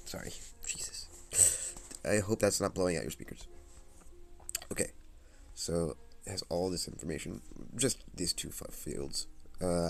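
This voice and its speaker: A man's voice: deep voice, creaky, bright, forceful tone. A man live-streaming from his phone, rambling and muttering to himself as he fiddles with settings.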